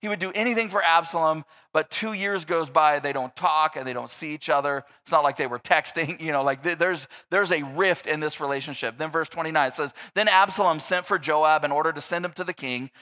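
A man's voice: fairly high pitch, a little fast, few pauses. A man preaching a sermon, retelling scripture and acting out its characters with playful, joking asides. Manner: animated, acts out scripture characters in a mocking voice. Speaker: pastor.

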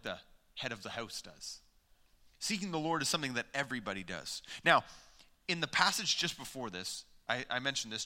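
A man's voice: mid-range voice, bright, forceful tone. A man preaching a sermon as pastor, talking conversationally and putting questions to the congregation. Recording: long hall reverb.

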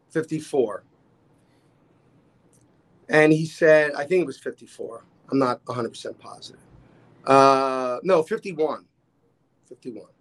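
A man, telling stories as a podcast guest and acting out the people he quotes. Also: medium pitch. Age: 60s. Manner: animated storyteller, acts out quoted dialogue. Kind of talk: casual storytelling chat.

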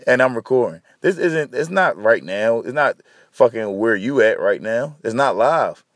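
This solo podcast host is a tired, rambling man who curses freely as he talks casually on his own. His medium-pitched voice sounds animated at a normal speed, captured dry in a clean studio.

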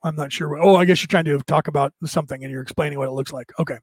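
A man's voice: fairly high pitch, fairly even intonation, very fast, gravelly, husky, no room sound. A man casually telling stories and explaining ideas to viewers, rambling and often checking in with "right?". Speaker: spiritual talk host answering viewers.

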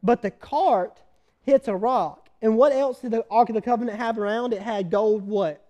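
Man, preacher, very high voice, animated storytelling, quizzes the crowd. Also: normal speed. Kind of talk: sermon storytelling.

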